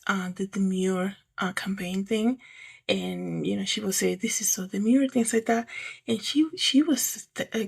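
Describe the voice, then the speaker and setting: A woman's voice: mid-range voice, vocal fry, darkish tone, husky. A woman hosting a casual faith talk, chatty and rambling, often checking in with the listener. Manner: chatty, rambling, frequent "right?" and "you know". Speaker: host.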